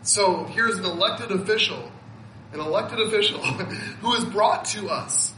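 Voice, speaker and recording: A man's voice: sits high, normal speed, bright, forceful tone, reverberant, slight background noise, rough recording. A man in his fifties preaching a sermon, earnest and emotional, often laughing and repeating words as he speaks. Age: 50s. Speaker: pastor.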